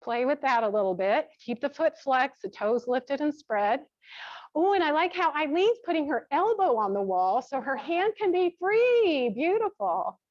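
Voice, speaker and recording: A woman teaching a gentle yoga class, cueing each step with relaxed, chatty asides. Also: sits high, moderate pace, dry recording. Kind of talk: guided yoga class instruction. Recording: dull, dry lo-fi sound.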